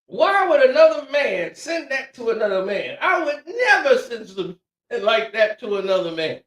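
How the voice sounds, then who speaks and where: A commentary streamer with a very high-pitched, fairly bright voice does comedic commentary, very animated at a normal speed. He laughs often and reads quotes in mocking voices. The recording is echoey, with him far from the mic.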